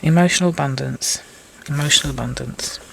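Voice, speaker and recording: A woman rambles through a tarot reading, her voice low and gravelly. She chats freely and keeps breaking off for self-mocking asides, with a faint hum of background noise. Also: fairly quick, a bit bright. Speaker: tarot reader. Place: indoors at a table with cards.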